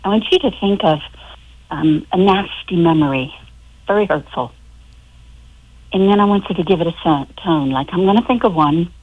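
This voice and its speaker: A woman guest on a community radio talk show, calmly guiding listeners through an imagination exercise with sound. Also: fairly low pitch. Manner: calm, unhurried, instructive. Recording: tinny phone line.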